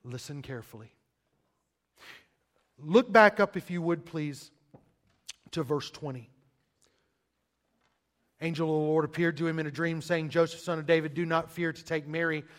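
A man preaching a sermon, calling listeners "beloved" and asking rhetorical questions, swinging from loud emphasis to a hushed near-whisper with long dramatic pauses. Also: on the high side. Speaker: pastor.

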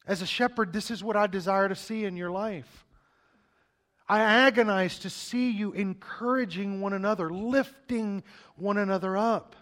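A man's voice: high-pitched, moderate pace, fairly bright tone. A middle-aged male pastor preaching a sermon, emphatic and urgent, often repeating words as he speeds up.

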